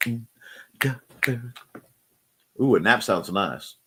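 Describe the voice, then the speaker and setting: A playful man hosts a loose live chat show, bouncing between jokes and quick asides. His voice sits a little high and swings widely in pitch, so he sounds lively and animated throughout. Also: heavy background noise. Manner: playful, slips into silly voices. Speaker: host.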